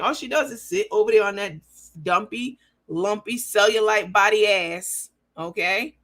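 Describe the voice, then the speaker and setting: A woman's voice: medium pitch, measured pace, fairly bright tone. A woman hosting a livestream, reading viewer comments aloud and talking bluntly and profanely in a mocking, emphatic way.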